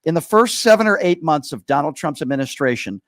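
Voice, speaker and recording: Fast-talking male radio call-in host. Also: a little high, expressive, a bit bright, no echo, studio quality. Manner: presses callers, interrupts to slow them down. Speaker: radio talk show host. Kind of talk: live call-in radio talk.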